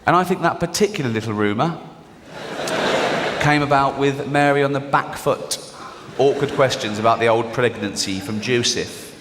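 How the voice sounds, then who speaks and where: A man's voice: mid-range voice, moderate pace, big-room sound, heavy background noise. A middle-aged Englishman with an English accent doing a mocking stand-up comedy routine. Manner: mocking, sardonic, acts out characters in the bits.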